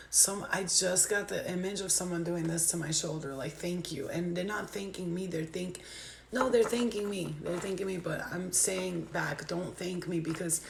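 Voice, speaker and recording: A woman's voice: lowish voice, creaky, fairly bright tone, a little hiss or hum. A woman doing a spiritual reading on a livestream, talking to viewers in a heartfelt, emotional way and swearing freely. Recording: roomy echo.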